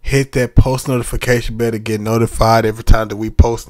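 A man's voice: mid-range voice, flat delivery, brisk, a little mellow, dry recording. A man hosting a reaction video, exclaiming and laughing as he chats straight to his viewers. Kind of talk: casual reaction chat.

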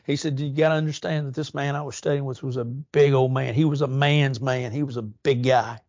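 A man's voice: mid-range voice, fairly even intonation, darkish tone, dry recording. Earnest male preacher, slightly muffled. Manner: earnest, rising emphasis and slow drawn-out stresses. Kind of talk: sermon. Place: church.

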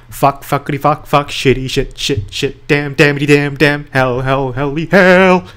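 A man's voice: on the high side, fairly even intonation, measured pace, a bit bright. A man who sings every line of his game commentary in a made-up tune, swearing and frustrated as he plays. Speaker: gaming video creator. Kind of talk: sung gameplay commentary.

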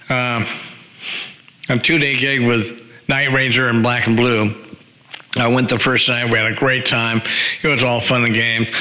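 A man's voice: medium pitch, pushed and bright, low-quality recording. A man in his sixties, a former rock band singer, tells a rambling anecdote with wry humor and acts out other people's lines in raised voices. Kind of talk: casual anecdotal storytelling.

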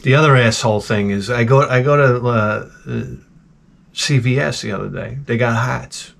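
A man's voice: medium pitch, moderate pace, gravelly, fairly bright tone. Profane middle-aged man ranting. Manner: profane, blunt, wisecracking. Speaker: retro game channel host. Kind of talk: rambling comedic rant.

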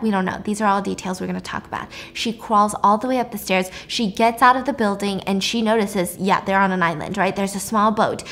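A young woman YouTuber casually recapping a film's plot in a chatty, animated storytelling style. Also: medium pitch, slight background noise.

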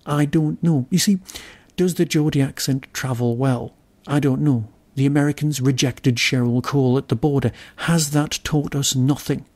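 A man from Britain hosts his own podcast, reviewing an episode alone. He muses aloud, wry and a little grumpy at himself. His voice sits at an ordinary middle pitch. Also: fairly even intonation, moderate pace, few pauses, a little mellow. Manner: wry, musing, self-deprecating grumbling. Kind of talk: solo review monologue.

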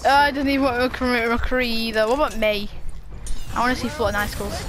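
A woman giving excited, giggly commentary while playing a game, yelping and shouting at what happens on screen. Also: on the high side, brisk. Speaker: gaming video host.

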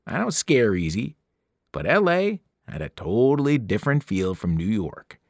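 A man narrating a novel aloud with expressive storytelling, his pitch rising and falling widely. The sound is dry and close, with no room around it. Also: moderate pace, gravelly, dry recording. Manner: expressive first-person narration with character voices. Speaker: teacher reading aloud. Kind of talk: audiobook narration.

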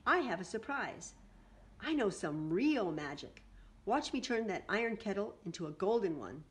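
A woman's voice: medium pitch, very animated, moderate pace, natural voice. A woman voicing a clumsy young man disguised as a girl, talking in a whiny, pleading, sobbing way in a read-aloud storybook. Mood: sly.

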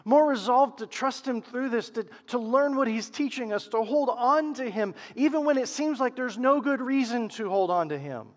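A man preaching a sermon as pastor, swinging from loud emphasis to hushed, quiet lows. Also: moderate pace, hardly any pauses, big-room sound.

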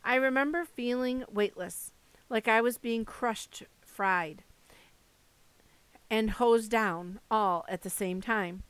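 A woman narrating a first-person audiobook with steady storytelling. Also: on the high side, slow pace, clean tone, no room sound.

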